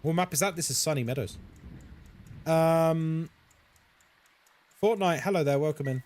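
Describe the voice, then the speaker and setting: Playing a horror game on a live stream, a young man keeps up loose, playful banter with his audience. He speaks a little slowly in a voice on the high side with a darkish tone, and a faint hiss or hum runs underneath.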